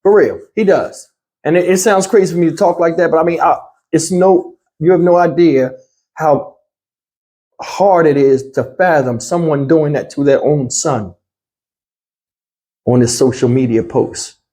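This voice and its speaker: A man's voice: fairly high pitch, a little slow, warm tone. A man hosting a reaction channel, talking in a blunt, heated, slangy way straight to his viewers. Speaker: commentary channel host. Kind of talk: casual reaction commentary.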